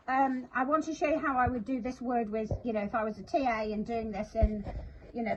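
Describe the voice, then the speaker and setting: A woman's voice: on the high side, warm tone, highs cut off, slight background noise. A woman explaining a spelling routine in a chatty, self-deprecating way, sounding out word parts as she goes. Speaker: literacy teacher. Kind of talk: instructional talk to camera.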